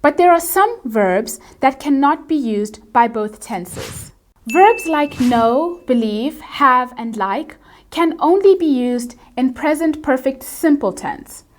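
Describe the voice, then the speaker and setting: A woman English teacher giving a scripted grammar lesson, explaining clearly and at a measured pace. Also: high-pitched, animated.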